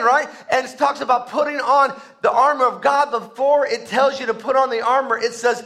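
A man's voice: extremely high pitch, a little fast, few pauses, pushed and bright. A male pastor preaching a sermon, with emphatic repetition and call-and-response to the congregation.

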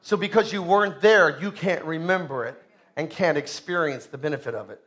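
A man's voice: a little high, a little fast, a bit bright. A man preaching a sermon as pastor, emphatic, repeating key phrases and calling on the congregation to respond.

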